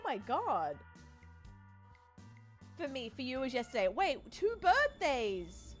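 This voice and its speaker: Chatty streamer woman, lively raised voice. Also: high-pitched, slow, pauses often, faint music behind. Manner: chatty, rambling, greets chat by name. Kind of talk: casual live-stream chat.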